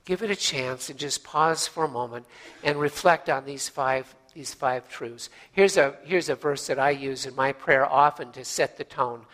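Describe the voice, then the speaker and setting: Bright-voiced pastor preaching gently. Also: male voice, medium pitch. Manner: storytelling, gentle pauses, drops to near-whispers for emphasis; folksy, with frequent uh fillers. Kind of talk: sermon.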